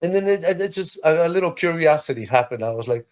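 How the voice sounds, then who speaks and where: A man from Peru, a podcast guest, telling a personal testimony in an animated, emotional way, his voice rising sharply at the moments that move him. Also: fast talker. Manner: animated, emotional storytelling with sudden high pitch lifts.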